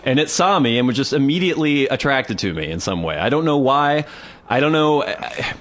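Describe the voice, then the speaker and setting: Animated man telling a story. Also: medium pitch, brisk. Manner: animated storyteller, acts out voices. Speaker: podcast co-host. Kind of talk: casual storytelling chat.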